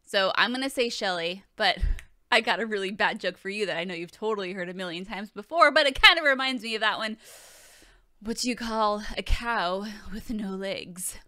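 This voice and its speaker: A woman in her thirties hosts a casual Q&A vlog, answering viewer questions in a profane, joking, chatty style. Her mid-range voice has a sharp tone and moves at a normal speed, with no echo.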